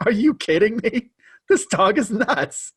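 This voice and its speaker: A man's voice: fairly high pitch, huge pitch swings, drawn-out words, slightly rough, heavily acted. A man voicing his incredulous male friend, exclaiming in disbelief in a raised voice.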